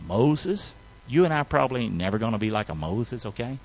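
Animated preacher with a lo-fi sound. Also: male voice, a little fast. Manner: call-and-response, swings from loud emphatic shouts to low hushed tones; folksy, colloquial delivery. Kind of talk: sermon. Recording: dull, dry, lo-fi recording.

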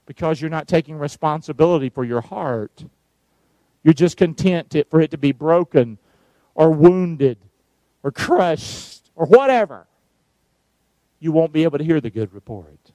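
A middle-aged man preaches with emphatic, call-and-response energy. His voice sits high for a man. The sound is close and dry, with no room around it. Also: animated, unhurried, long pauses, mellow, dry recording. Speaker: pastor. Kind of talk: sermon.

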